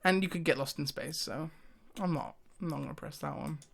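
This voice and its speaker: A man's voice: fairly high pitch, fairly quick, creaky, fairly bright tone. A man talking casually to the camera, thinking aloud with hesitations and frequent laughs. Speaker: YouTuber.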